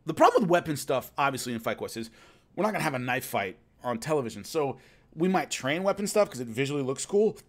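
A man's voice: mid-range voice, big pitch swings, fast talker. A man casually telling a long rambling story about filming, with many restarts. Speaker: host recalling filming a fight show.

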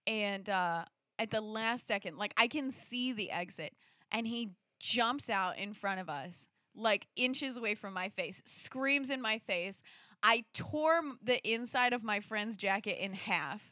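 A woman telling a personal story in a casual, animated way, full of fillers and restarts. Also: medium pitch, a little slow, no echo, studio quality. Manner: acts out quoted lines, rising into shrieks. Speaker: storyteller in a conversation.

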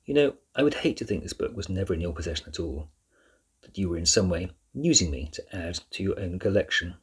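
Man reading as a shrewd professor, calm, smooth, low husky voice. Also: brisk, heavily acted. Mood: calm, probing. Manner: calm, smooth and dryly probing.

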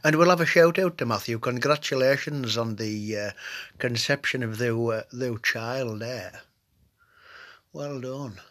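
A man's voice: mid-range voice, unhurried, a bit bright. A man with a Cumbrian accent, who has a cold, rambling crudely as the host of a comedy podcast and often trailing off into mutters. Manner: swearing, dialect-heavy, trails off into mutters. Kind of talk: rambling crude comic monologue.

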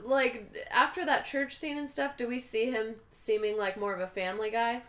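A woman's voice: fairly high pitch, fairly even intonation, normal speed, fairly bright tone. Woman co-host asking curious questions. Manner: short reactions and curious questions. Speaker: podcast co-host. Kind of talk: casual chat.

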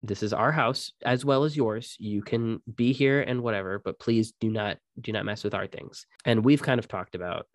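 A young man co-hosting a podcast, casually telling ghost stories and swearing freely in relaxed chat. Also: fairly low pitch, normal speed, hardly any pauses, no room sound, studio quality. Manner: relaxed, swears freely, quotes others in his own voice. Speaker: podcast co-host.

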